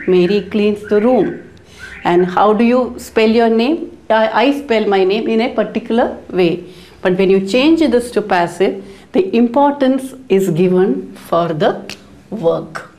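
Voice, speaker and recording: A middle-aged woman teaching an English grammar lesson, explaining slowly and carefully and asking rhetorical questions. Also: mid-range voice, darkish tone.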